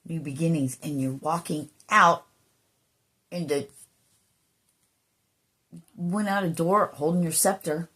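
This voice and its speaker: Low-voiced woman doing an emotional card reading. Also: slow, long pauses, husky. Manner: emotional and earnest, drifts into soft whispers, swears casually. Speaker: intuitive card reader. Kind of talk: spiritual card reading vlog.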